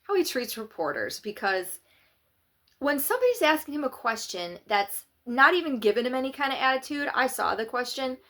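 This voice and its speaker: A woman's voice: high-pitched, normal speed. Sarcastic woman vlogging politics. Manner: opinionated, sarcastic, animated. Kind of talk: casual political commentary.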